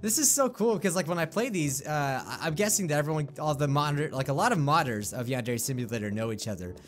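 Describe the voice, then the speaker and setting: A man giving excitable gameplay commentary, laughing often and chatting to the characters on screen. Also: a little high, fast talker. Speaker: gaming video creator.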